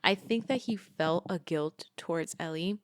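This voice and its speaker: A woman's voice: fairly low pitch, normal speed, no echo, clean studio sound. A woman co-hosting a casual book podcast, retelling the plot in a chatty way with lots of "like.". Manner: chatty, retells the plot with many "like"s and acted quotes. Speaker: podcast co-host.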